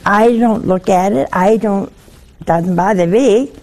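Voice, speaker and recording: A woman's voice: medium pitch, takes it slowly, a little mellow. A woman giving a conversational sermon, telling folksy, humorous stories. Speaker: religious speaker.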